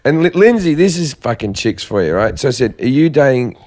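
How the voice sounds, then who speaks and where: A man's voice: medium pitch, very animated, brisk, darkish tone. A man hosting a podcast, telling a story with lots of swearing and laughing. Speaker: podcast host. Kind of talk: crude casual chat.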